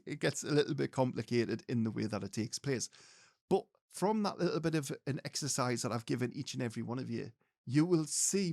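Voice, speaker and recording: A man's voice: medium pitch, gravelly, darkish tone, no room sound, studio quality. A man teaching mediumship, speaking earnestly and directly to his listeners. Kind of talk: spiritual teaching talk to viewers.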